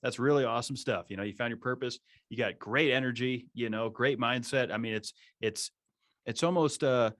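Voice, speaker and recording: A man's voice: medium pitch, fairly quick, a bit bright, no room sound, studio quality. A man co-hosting a podcast who talks in a laid-back, complimentary way, with lots of fillers. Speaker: podcast co-host. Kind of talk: casual podcast conversation.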